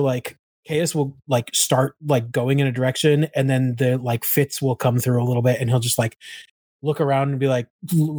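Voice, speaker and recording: A man's voice: mid-range voice, darkish tone, no room sound. Rambling man with a dry sound. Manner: rambling, many fillers like "um" and "like". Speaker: player. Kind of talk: casual chat describing a character.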